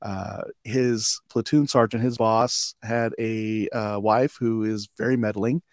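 A man's voice: on the low side, steady tone, slow, no echo, studio quality. A man in his forties, a podcast guest telling his life story in a reflective, loose way full of "um" and "you know". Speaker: podcast guest, combat veteran.

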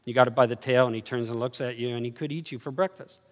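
A man preaching a sermon, telling stories animatedly and swinging from low murmurs to excited highs. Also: fast talker. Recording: reverberant hall.

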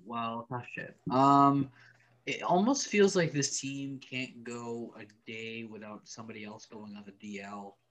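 A man's voice: medium pitch, measured pace, fairly bright tone. Wry man co-hosting a sports podcast. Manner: wry, offhand, lots of "like" and "um". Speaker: podcast co-host. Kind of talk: casual sports podcast chat.

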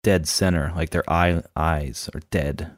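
A man co-hosting a casual chat about a film, animated and laughing often. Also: a bass voice, measured pace, no echo, studio quality. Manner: animated, laughs often, acts out quoted lines. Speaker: film podcast co-host.

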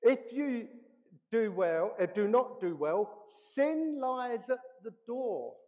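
A man preaching a sermon as pastor, animated, acting out the voices he quotes. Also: very high voice, takes it slowly. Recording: reverberant hall, dull lo-fi sound.

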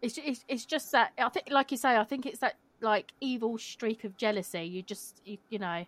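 A woman chats on a podcast, telling blunt stories and swearing freely. Her voice is fairly high and recorded dry and close. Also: normal speed, fairly bright tone, no room sound. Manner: frank, swears freely, tells anecdotes. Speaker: podcast guest. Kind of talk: casual chat.

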